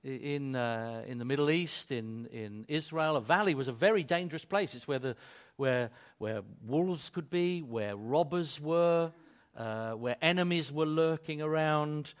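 A man with a slightly raised pitch delivers a sermon, building to loud peaks before easing back to near quiet. He restarts and repeats phrases as he goes. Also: unhurried, clean tone. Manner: dynamic preaching, swells loud then drops soft. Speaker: preacher.

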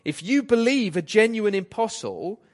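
Animated man preaching a sermon. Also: high voice, normal speed. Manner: animated, paraphrasing scripture in a lively voice. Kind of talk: expository sermon.

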